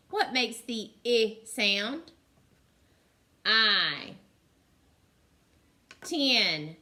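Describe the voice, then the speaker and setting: A woman teaching a phonics lesson to young children, sounding out letters slowly and deliberately and praising often. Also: fairly high pitch, lively intonation, sharp tone.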